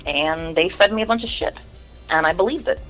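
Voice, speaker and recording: A woman's voice: lowish voice, fairly quick, a bit bright, soft background music, rough recording. A woman in her thirties, a musician guest in an interview, telling a long story in a candid, rambling, profane way.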